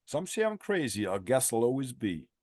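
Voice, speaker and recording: A man hosting a podcast, talking in a rambling, halting way with lots of restarts in a casual interview. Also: medium pitch, big pitch swings, a little mellow, no room sound, studio quality. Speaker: podcast host.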